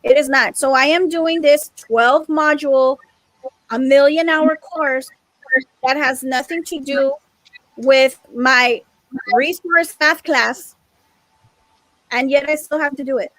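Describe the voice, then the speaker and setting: A woman's voice: sits high, slow, fairly bright tone, no echo, low-quality recording. A woman teacher speaking in a group meeting, exasperated and emphatic, repeating her points. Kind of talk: frustrated discussion in a group meeting.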